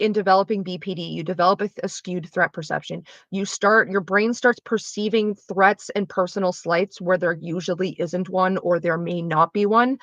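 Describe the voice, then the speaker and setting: A young woman streamer talks in a bright, sharp tone, frank and explanatory, cursing freely as she chats. Her voice sits close on a dry, dull, lo-fi mic with no room around it. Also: medium pitch, no echo. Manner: frank, explanatory, swears freely, acts out quoted reactions. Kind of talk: casual chat while streaming a game.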